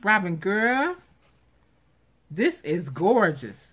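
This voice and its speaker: A woman's voice: medium pitch, very animated, extremely slow, fairly bright tone, breathy edge. A woman vlogger unboxing craft supplies in casual commentary, gushing and exclaiming over each item. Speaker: craft vlogger showing giveaway prize.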